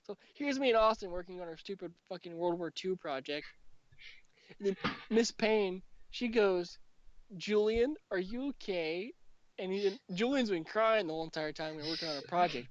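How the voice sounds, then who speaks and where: In a high-sitting voice and a brisk delivery, a young man on his casual podcast shares a story from school. He curses freely and mocks his friends by acting out their quotes, recorded at home in dull lo-fi with no echo.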